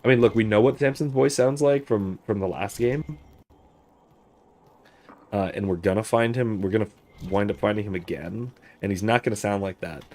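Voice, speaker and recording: The host of a live game-play stream speaks at a normal speed in a fairly low, slightly mellow voice. His casual commentary mixes chat with self-deprecating thinking aloud.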